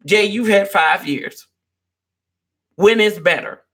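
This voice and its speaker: A man's voice: high voice, slow pace, bright, forceful tone, slightly rough. A man hosting a sports fan show, ranting with fired-up, profane energy and talking to viewers as y'all. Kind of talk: live-stream rant.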